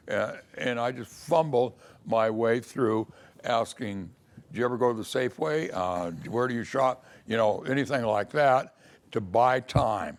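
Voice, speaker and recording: The creaky, mid-range voice belongs to an older man reminiscing casually about his early lawyer days. He tells it like a story and acts out the quoted voices, in the manner of a spoken memoir.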